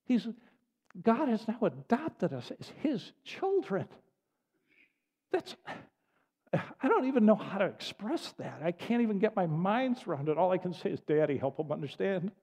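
A man's voice: high voice, sing-song, measured pace, long pauses, a little mellow, slightly rough. An older man preaching a sermon as pastor, speaking in an earnest, repetitive cadence. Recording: long reverb of a large hall.

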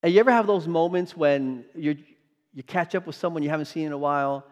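A pastor delivers an emphatic sermon, firing rhetorical questions at the congregation. His voice is a little high and fast, with a darkish tone and the highs cut off. The recording, made in a church sanctuary, carries long hall reverb.

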